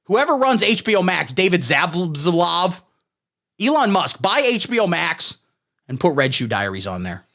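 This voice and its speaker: A young man hosting a satirical solo comedy show, talking in a crude, sarcastic, deadpan way. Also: high-pitched, measured pace. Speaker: podcast host.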